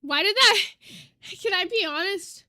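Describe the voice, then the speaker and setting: A woman's voice: extremely high pitch, expressive, a little slow, bright, forceful tone. A woman hosting a reaction commentary, blunt and casual, swearing freely with frank asides. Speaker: commentary channel host.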